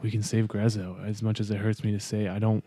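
A man's voice: lowish voice, flat delivery, brisk, warm tone. A man voicing an earnest male lizard-man test subject in a tabletop role-play, speaking hesitantly and stammering.

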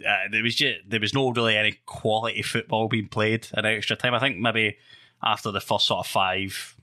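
A Scottish man hosting a podcast in casual chat, slightly hoarse and laughing often. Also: fairly low pitch, fairly even intonation, moderate pace, pushed and bright, dry recording, studio quality. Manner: laughs often, says mate a lot. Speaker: podcast host.

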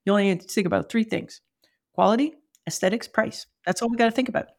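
A woman voicing a plain-spoken male toilet salesman who calmly explains things. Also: mid-range voice, fast, vocal fry, natural voice. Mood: explaining.

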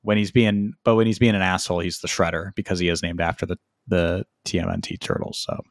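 A man's voice: sits low, flat delivery, quick pace, dry recording, clean studio sound. A man co-hosting a podcast, telling stories in a sheepish, self-deprecating way with frequent laughs. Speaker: podcast co-host. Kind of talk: casual chat.

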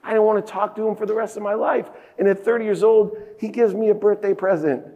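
A man in his fifties giving a motivational keynote speech on a conference stage, telling a personal story with big emotional swings in pitch and loudness. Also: steady tone, quick pace, highs cut off. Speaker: keynote speaker. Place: large conference hall stage. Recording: echoey conference hall.

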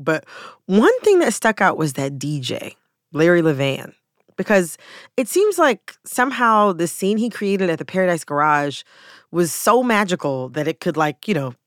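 A woman's voice: deep voice, no echo, clean studio sound. A woman podcast host talking in a casual, curious, conversational way.

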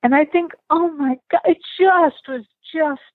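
A woman's voice: high voice, a little slow, no room sound. A woman guest speaks with feeling in a casual interview, often starting her sentences over and laughing easily. Her voice comes through a thin, phone-like remote line. The sound is dry, with no room around it. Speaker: guest author and storyteller. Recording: tinny phone-like remote call.

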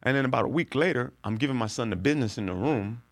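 A middle-aged man, a comedian, telling a profane story with loud bursts of laughter on a podcast. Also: medium pitch, expressive, fast, no echo, clean studio sound. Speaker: comedian guest.

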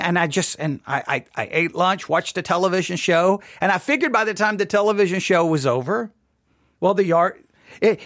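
Chatty high-voiced man hosting a podcast. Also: fairly bright tone, no echo, clean studio sound. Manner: chatty, storytelling, self-deprecating. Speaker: podcast host. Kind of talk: casual devotional podcast talk. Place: home studio. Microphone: studio microphone.

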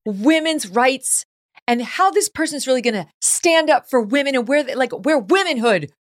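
A woman's voice: sits high, animated, moderate pace, no room sound, clean studio sound. A woman hosting an opinionated talk show, talking animatedly over her guests and laughing often. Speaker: host.

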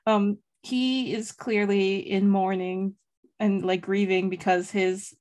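A woman's voice: mid-range voice, flat delivery, slow pace, a little mellow. Rambling, giggly young woman. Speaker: podcast co-host. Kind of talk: casual fan discussion.

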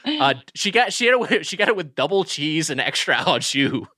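Bright-voiced man reviewing food. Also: on the high side, big pitch swings, brisk, dry recording, clean studio sound. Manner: rambling, restarts often, emphatic. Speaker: podcast co-host. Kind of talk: casual comedic food review chat.

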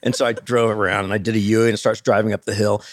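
A man's voice: lowish voice, fast, dry recording, clean studio sound. A middle-aged man, a podcast guest, telling a funny story in a casual chat and acting out the other people in it. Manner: animated storyteller, acts out quoted voices.

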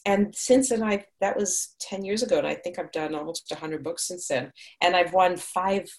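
Low-voiced chatty middle-aged actress. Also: female voice, moderate pace. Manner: chatty and upbeat, digresses, laughs often. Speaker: actress and audiobook narrator. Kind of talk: casual interview answers.

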